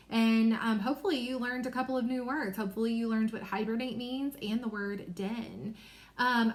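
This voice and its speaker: A woman teacher with a fairly high-pitched voice gives a recorded reading lesson to young children. She explains things patiently and clearly.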